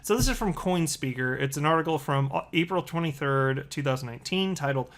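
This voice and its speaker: A man's voice: on the high side, a little fast. A man hosting a casual crypto commentary video, reading tweets and headlines with sarcastic asides. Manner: sarcastic, animated, lots of asides.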